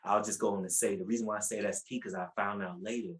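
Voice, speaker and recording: A man's voice: on the low side, quick pace, slight background noise, low-quality recording. A man telling his personal faith testimony as a podcast guest in a casual, colloquial way, repeating words as he goes and acting out what people said. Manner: animated, acts out quotes with raised voice.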